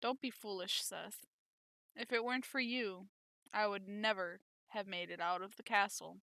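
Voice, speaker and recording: Lady reading a gentle princess, soft concerned tone, bright. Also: mid-range voice, fairly even intonation, normal speed, gravelly, no echo. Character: gentle worried young princess.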